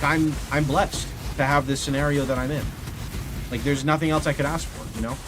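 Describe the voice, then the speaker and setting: A man streaming live, telling rambling stories and chatting with his viewers in a loose, self-correcting way. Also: fairly high pitch. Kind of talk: casual livestream chat, answering chat. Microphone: studio condenser mic. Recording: steady background noise. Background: steady noise.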